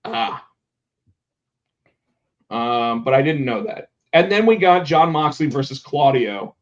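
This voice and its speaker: Animated, swearing podcast host man. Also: mid-range voice, takes it slowly, pauses often. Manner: animated, swears, acts out quotes. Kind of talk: casual chat about pro wrestling. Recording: dull lo-fi sound.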